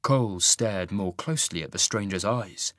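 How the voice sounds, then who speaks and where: A man narrating a fantasy story in an expressive, scripted reading. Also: lowish voice, moderate pace, dry recording, clean studio sound. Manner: expressive, rising sharply for the hero's angry lines. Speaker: audiobook narrator.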